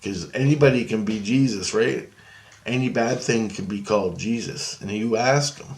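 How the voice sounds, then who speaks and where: A man's voice: fairly low pitch, moderate pace. A man telling a spiritual dream story to his viewers in a loose, rambling way, full of fillers and restarts. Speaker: video blogger.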